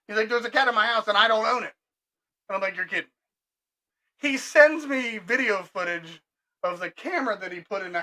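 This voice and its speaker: A middle-aged man telling a work story in casual podcast chat, animated and laughing, acting out both sides of conversations. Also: high voice, poor audio. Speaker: restoration business owner telling stories.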